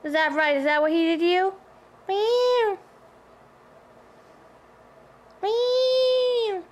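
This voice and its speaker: A woman's voice: high-pitched, fairly even intonation, quick pace. A woman vlogger chatting casually at home, playfully cooing at and teasing her cat. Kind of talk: casual home video chat.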